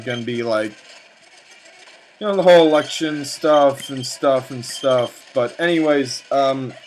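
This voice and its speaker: A man's voice: mid-range voice, a bit bright. A young man talks over his gameplay at a desktop mic, drifting from one tangent to the next. He stammers and repeats himself, filling gaps with ums and likes. A faint hiss sits under the recording. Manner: rambling and tangent-prone, with many fillers and stammered repeats. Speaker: let's play commentator. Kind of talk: rambling gameplay commentary.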